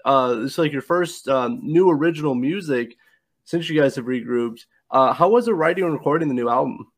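A man's voice: mid-range voice, brisk. A man hosting a podcast interview in a casual way, often stumbling over and restarting his words and filling gaps with "you know". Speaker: podcast host.

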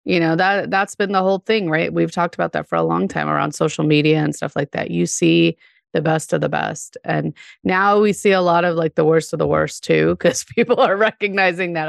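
A woman's voice: fairly low pitch, fairly even intonation, a little fast, vocal fry, dry recording, clean studio sound. A woman co-hosting a podcast, chatting casually about a TV episode, with lots of fillers and frequent laughs. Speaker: podcast co-host. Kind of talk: casual chat about a TV show.

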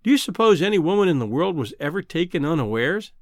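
A man reading a storybook, voicing a proud young woman who gently turns down a suitor in a lightly reproving way. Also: a little high, sing-song, fast talker, dry recording, clean studio sound. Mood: teasing. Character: proud, teasing young woman being courted.

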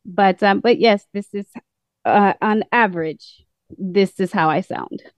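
A woman speaks with a British-sounding accent, calling into a program. She talks slowly and earnestly with measured pauses. The sound is close and dry. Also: mid-range voice, no room sound. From United States. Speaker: caller. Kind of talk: call-in testimony.

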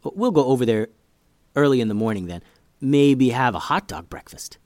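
A man voicing a skeptical, sassy young girl in a storybook reading, with quick doubtful retorts. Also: mid-range voice, animated, darkish tone, dry recording, studio quality, natural voice.

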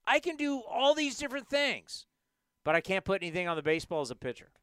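A man hosting a sports talk show, ranting in an animated, emphatic way into a studio microphone. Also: sits high, fast talker, clear, resonant tone, no room sound. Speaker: sports podcast host.

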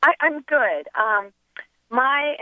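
A woman's voice: high-pitched, expressive, slow pace, dry recording. A woman calling in to a show by phone, hesitant and stammering, with nervous laughs. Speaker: caller. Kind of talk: casual chat. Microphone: telephone. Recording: tinny phone line.

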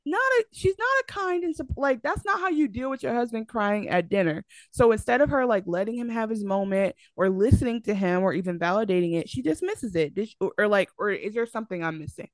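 A woman's voice: medium pitch, lively intonation, fairly quick, hardly any pauses, dry recording. A young woman co-hosting a podcast in casual chat, talking animatedly and arguing her point with lots of fillers and restarts. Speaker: podcast co-host.

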